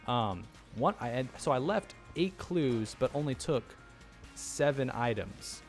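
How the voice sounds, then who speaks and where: A man talks through his own video game run in casual commentary. His voice sits in a middle pitch, and he rambles with plenty of ums and nervous asides. Soft game music plays faintly behind him. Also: expressive, measured pace. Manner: rambling, frequent ums, flustered chatter with laughs. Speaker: gameplay commentator. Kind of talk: casual let's-play commentary.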